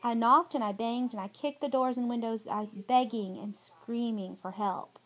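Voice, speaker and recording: A woman's voice: fairly high pitch, fairly even intonation, moderate pace. A middle-aged woman, giving an emphatic, aggrieved spoken statement to her viewers. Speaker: vlogger.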